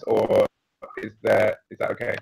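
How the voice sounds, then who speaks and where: A man chatting casually on a live stream over a video call, animated and a bit apologetic. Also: lowish voice, a little slow, gravelly, breathy edge, no room sound, poor audio. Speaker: show regular. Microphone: computer mic on a video call.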